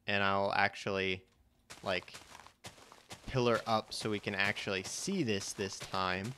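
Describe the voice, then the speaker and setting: A man's voice: lowish voice, a bit bright, a little hiss or hum. A young man casually commenting on his own gameplay during a live stream, thinking aloud and restarting his sentences as he goes. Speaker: let's play host.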